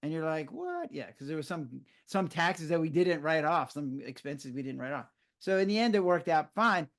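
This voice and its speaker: An older man with a somewhat high voice talks in a relaxed interview. He tells lively stories and acts out his own surprised reactions. He explains with the ease of a physician who has said this many times. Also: normal speed. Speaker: physician guest. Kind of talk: conversational interview.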